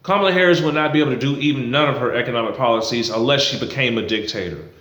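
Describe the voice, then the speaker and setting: A man's voice: mid-range voice, rapid-fire, a bit bright, echoey room. A man giving a heated, blunt and profane political rant to camera, repeating himself for emphasis. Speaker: political commentary vlogger. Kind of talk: ranting to camera.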